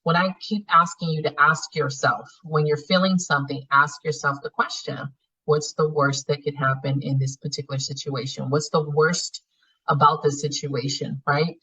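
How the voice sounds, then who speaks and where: A woman leads a spiritual healing class in a blunt, profane, animated way. Her voice sits low but sounds bright and husky. She is picked up from a little way off the mic. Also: normal speed, far from the mic, low-quality recording. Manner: blunt, profane, animated coaching with frequent laughs. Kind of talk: live online class teaching.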